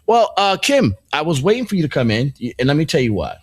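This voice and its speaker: A man's voice: on the high side, sing-song, fast, breathy edge, no echo. A middle-aged man hosting a morning show in casual banter, rambling and joking with many restarts and asides. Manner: playful, joking.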